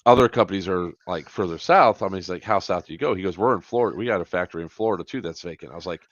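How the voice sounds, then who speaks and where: A middle-aged man, a grandfather, hosting a casual podcast and telling an animated travel story, swearing now and then. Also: deep voice, racing, dry recording. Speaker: podcast host and airsoft event organizer. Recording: dry, dull lo-fi podcast audio.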